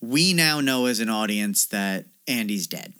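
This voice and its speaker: A man co-hosting a casual film review chat, agreeable, chiming in with plot details and halting restarts. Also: on the low side, animated, a bit bright, clean tone. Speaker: podcast co-host.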